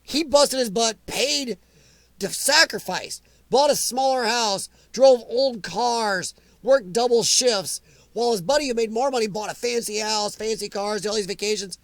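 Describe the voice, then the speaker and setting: An American man with a fairly high voice hosts a casual live chat. He rambles and gets emphatic as he answers viewers by name, and his voice sounds close and dry, with no room echo. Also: normal speed. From United States. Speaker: livestream chat host.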